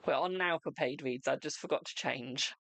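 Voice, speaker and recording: A man hosting a live tarot stream, chatting warmly and casually as he answers viewers' questions. His voice sits at a middling pitch and is recorded close and dry, with no room sound. He keeps calling people darling and boo. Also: moderate pace, gravelly, no room sound.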